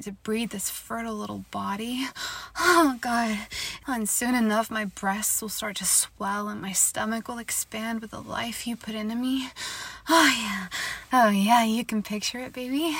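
A woman performing an intimate audio role-play, speaking softly and affectionately, often laughing between phrases and sometimes dropping into a whisper. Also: fairly high pitch, no room sound. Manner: drops into breathy whispers at times.

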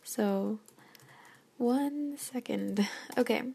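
A young woman giving a rambling, halting late-night rant that is often whispered and self-deprecating. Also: a little high, vocal fry, mellow, a little hiss or hum. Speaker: vlogger.

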